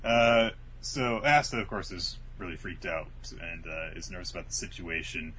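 A man with a low voice and a bright, forceful tone, talking casually as a podcast co-host. He rambles through a comic recap, swears freely and breaks into quick impressions of the characters. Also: a little hiss or hum. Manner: rambling, swears, acts out quotes.

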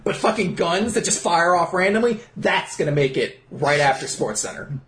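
A man co-hosting a casual podcast, riffing animated jokes and swearing freely. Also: a little high, normal speed, echoey room. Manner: animated, joking riffs, swears. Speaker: podcast co-host. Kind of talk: casual comedic chat.

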